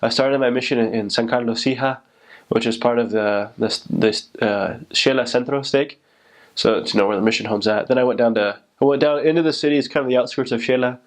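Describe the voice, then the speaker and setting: A man's voice: medium pitch, steady tone, brisk. A young man, a returned missionary, describing his mission area in a rambling, self-correcting way. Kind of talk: casual recollection.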